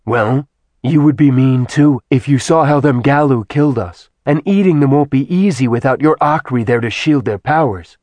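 A man's voice: mid-range voice, normal speed, darkish tone, dry recording, voice pushed up, lightly acted. A man voicing a testy, blunt female demon who is always hungry.

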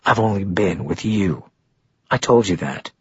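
A man voicing a gentle, protective young man, speaking calmly and firmly in a low, soft voice. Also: measured pace, breathy edge, no echo, lo-fi sound, heavily acted. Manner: calm, firm, low and soft.

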